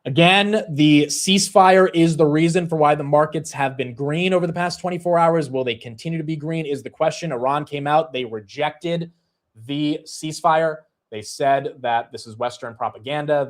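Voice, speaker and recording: Energetic man giving market commentary. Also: on the high side. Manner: conversational, energetic, fillers like "you know". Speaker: stock market show host. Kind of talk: casual livestream market commentary.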